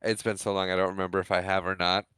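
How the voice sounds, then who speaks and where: A man co-hosting a podcast, casually recapping a movie scene by scene and acting out lines in quick quoted voices, laughing often. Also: low voice, flat delivery, a bit bright, clear, resonant tone, dry recording. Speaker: podcast co-host.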